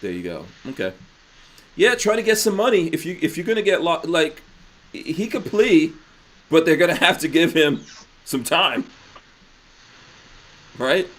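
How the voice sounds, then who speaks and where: A man's voice: on the high side, sing-song, unhurried, long pauses. Podcast guy reading chat comments, teasing, voice drops off at the end of lines. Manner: teasing, trails off quietly at phrase ends.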